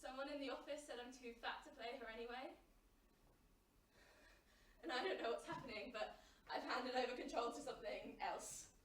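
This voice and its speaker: A high-pitched young woman delivers a theatrical comic monologue on a live stage. Her voice dips to hushed murmurs and then rises into loud outbursts. She sounds a little distant from the mic, in an echoey room with a faint hum of ambience behind her. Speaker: solo performer.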